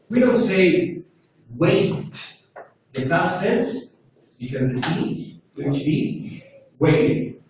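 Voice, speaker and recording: High-voiced teacher, echoey room. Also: male voice, slight background noise. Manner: drills pronunciation, checks with frequent "okay?". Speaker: English teacher. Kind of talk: classroom grammar lesson. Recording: echoey room from far off, dull.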